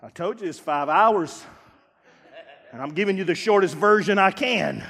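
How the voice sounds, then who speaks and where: A man pastor preaching a sermon, dropping to low asides and rising to shouts, acting out church members. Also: moderate pace. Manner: acts out church members in quoted voices. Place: church sanctuary. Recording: long hall reverb.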